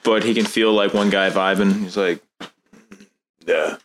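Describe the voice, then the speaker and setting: A young man playing a tabletop game, quick and stumbling, joking. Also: on the low side, flat delivery, slight background noise.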